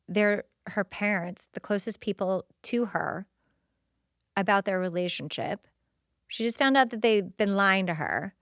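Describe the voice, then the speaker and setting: Slow, expressive woman recapping an episode. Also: mid-range voice, dry recording, clean studio sound. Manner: expressive, slips into quoted dialogue. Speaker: podcast host. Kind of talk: casual episode recap commentary.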